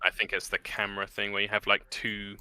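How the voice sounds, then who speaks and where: Guy running a tabletop game, really bright crisp voice, dry close sound. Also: on the low side, a little fast, no room sound. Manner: relaxed, filler-heavy narration. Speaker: game master.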